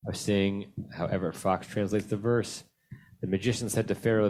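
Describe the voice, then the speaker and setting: A man's voice: low-pitched, fairly even intonation, fairly quick, a little mellow. A male rabbi leading a conversational text study class, calling on participants by name and answering their questions thoughtfully. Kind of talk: conversational Bible study discussion. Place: synagogue class held over video call.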